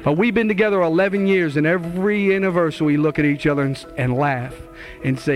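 A man's voice: fairly high pitch, fast, soft background music. A middle-aged man, a minister, giving his testimony as a sermon in an impassioned, exhorting way and acting out old conversations with a raised voice. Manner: impassioned, acts out dialogue in a raised voice; earnest and exhorting. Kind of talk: testimony sermon to a live audience.

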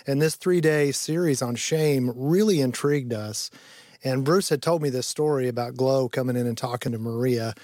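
A man's voice: mid-range voice, moderate pace, darkish tone, dry recording. A man, the show's producer, sitting in as a guest, with a mid-range voice. He speaks thoughtfully and reflectively. The mic is close and dry. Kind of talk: reflective studio chat. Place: radio studio.

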